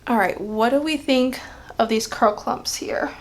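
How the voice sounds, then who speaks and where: A hair care vlogger tries out a hair gel on camera, chatting casually and thinking aloud with plenty of fillers as she styles her hair. Her voice is a little high and measured in pace, in a casual tutorial chat.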